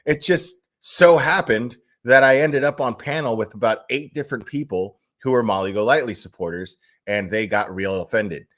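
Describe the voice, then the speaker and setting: A man's voice: medium pitch, moderate pace, hardly any pauses. A man hosting his own channel, giving blunt opinions in casual commentary. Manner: animated and opinionated, with frequent restarts. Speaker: channel host.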